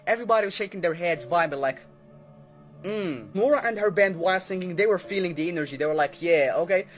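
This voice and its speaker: A man's voice: sits high, lively intonation, fast talker, faint music behind. A young man telling a creepy story in a casual storytime style, chatty and constantly checking in with "okay?". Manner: chatty, keeps adding "okay?" and "right?".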